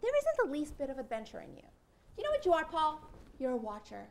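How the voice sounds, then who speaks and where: A young woman acting as an impulsive newlywed wife in a stage play, swinging between loud outbursts and hushed lines. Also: high-pitched, wildly swooping pitch, fast, a little hiss or hum, heavily acted. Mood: heated. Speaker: wife Corie.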